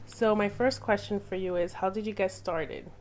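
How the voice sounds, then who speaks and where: A woman's voice: mid-range voice, steady tone, normal speed. A woman interviewing an actress, asking simple questions in a friendly, casual way with frequent laughs. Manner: friendly, laughs often, short encouraging replies.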